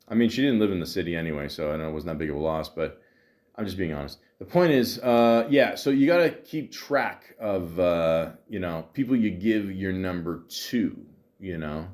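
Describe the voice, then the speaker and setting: A man hosting a solo podcast in a casual, rambling, profane way, chuckling often. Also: lowish voice. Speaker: podcast host.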